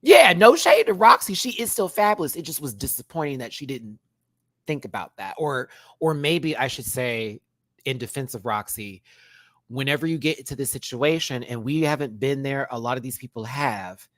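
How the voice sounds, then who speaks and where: A man hosting a live-stream review rant, sassy and animated. His pitch swings widely from low mutters to high exclamations, and his voice has a bright, sharp edge. He laughs easily between points. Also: normal speed, no room sound. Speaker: drag show reviewer and channel host.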